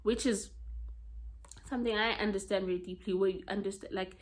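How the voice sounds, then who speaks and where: A South African woman with a South African accent, chatting casually about books she has read in a blunt, expressive way and swearing freely. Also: medium pitch, a little fast. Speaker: book vlogger. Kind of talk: casual book review chat.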